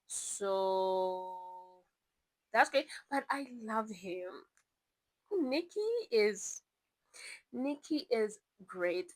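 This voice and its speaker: A woman's voice: mid-range voice, very slow, long pauses, no room sound, low-quality recording. Chatty young woman with a dry close sound. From South Africa. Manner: chatty, rambling, animated asides. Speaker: book vlogger. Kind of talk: casual chat.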